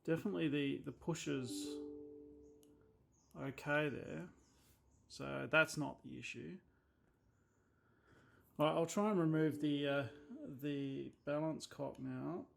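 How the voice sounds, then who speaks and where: A man's voice: fairly high pitch, fairly even intonation, slow pace, creaky, pauses often, fairly bright tone, faint music behind. A man with an Australian accent, talking casually through a watch repair as a watchmaker, blunt and exasperated with a habit of swearing when annoyed. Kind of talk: casual workbench commentary.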